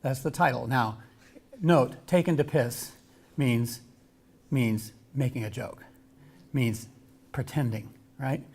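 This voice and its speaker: A man's voice: mid-range voice, slow pace, long pauses, darkish tone. A man giving an informal academic talk with slides, chatty and full of restarts and asides. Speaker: lecturer.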